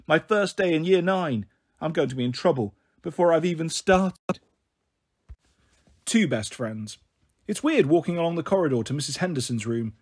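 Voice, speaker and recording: A man reading a novel aloud in an expressive storybook style, giving voice to the characters' dialogue. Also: a little high, moderate pace, husky. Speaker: audiobook reader.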